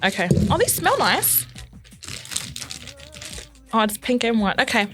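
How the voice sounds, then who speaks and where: High giggly woman co-hosting a podcast, bouncy voice, laughs a lot. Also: very animated, unhurried, over music. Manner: giggly, playful, laughs often. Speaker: podcast co-host. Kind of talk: casual chat.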